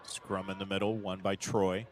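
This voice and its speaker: A man doing live play-by-play commentary of a soccer match, calling the action at a steady pace and rising sharply when a big chance comes. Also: low-pitched, normal speed, a faint crowd, slight background noise.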